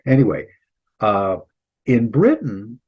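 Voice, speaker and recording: A man's voice: mid-range voice, very animated, takes it slowly, slightly rough, muffled recording. A man teaching an online Greek lesson as instructor and pastor, explaining patiently with informal asides. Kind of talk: online lecture.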